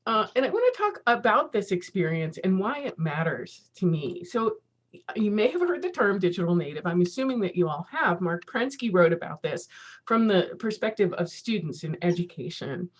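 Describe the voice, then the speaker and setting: A woman's voice: mid-range voice, sing-song, moderate pace. A woman in her fifties giving a casual keynote talk over a video call, chatty and laughing often at herself. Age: 50s. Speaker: keynote speaker.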